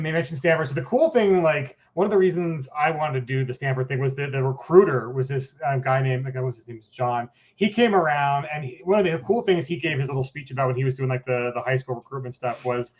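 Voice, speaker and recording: A man's voice: fairly high pitch, expressive, fast talker, hardly any pauses. A man from Colorado hosting a casual chat interview, rambling and joking, with lots of fillers and restarts. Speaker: host. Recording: dull, lo-fi audio.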